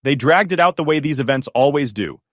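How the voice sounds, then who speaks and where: A man narrating a first-person family drama story in a dramatic, expressive storytelling manner. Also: fairly high pitch, a little fast, no room sound, studio quality.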